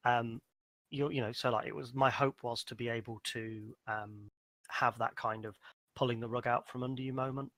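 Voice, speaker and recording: Man, game master, casual podcast chat, rambling, fillers, middle pitch, dry close sound. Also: normal speed, no room sound. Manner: animated, rambling with many fillers.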